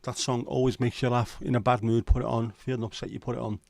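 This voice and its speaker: Gravelly yet a little mellow, a medium-pitched voice moves quickly at a level tone with no echo. The speaker is a Scouse livestream host from Liverpool who rambles, swears and banters with viewers.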